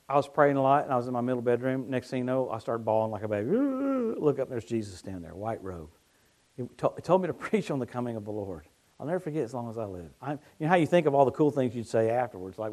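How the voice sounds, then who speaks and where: A middle-aged man preaching a sermon, telling stories that swing from hushed tones to excited shouting. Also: medium pitch.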